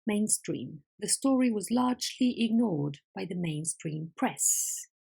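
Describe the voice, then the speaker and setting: A woman teaching an English vocabulary lesson, patient and clear, asking questions and confirming answers. Her first language is Spanish. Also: medium pitch, lively intonation, slow, dark tone.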